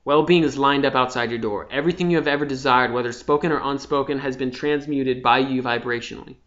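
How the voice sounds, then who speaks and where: A young man giving an impassioned, profane spiritual monologue, dropping from hushed to loud. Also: mid-range voice, steady tone, quick pace. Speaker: vlogger. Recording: slightly dull lo-fi sound.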